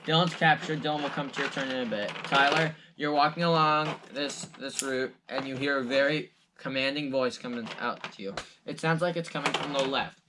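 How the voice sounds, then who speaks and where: A man's voice: mid-range voice, fairly even intonation, fairly quick, background noise. A male game master narrating a tabletop game, rambling with many restarts.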